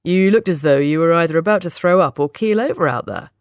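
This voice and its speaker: A woman voicing a male friend in an audiobook, brisk and matter-of-fact. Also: lowish voice, no room sound, studio quality, lightly acted. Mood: concerned. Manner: brisk, matter-of-fact, talks over others. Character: man friend, blunt and quick to judge.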